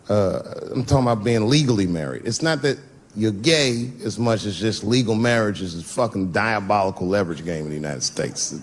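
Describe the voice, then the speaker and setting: A man's voice: on the low side, fairly quick, a little hiss or hum. A middle-aged man doing a stand-up routine on a theater stage, telling stories and acting out the other people in them. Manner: animated storytelling, acting out voices. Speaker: stand-up comedian. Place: theater stage before a laughing audience.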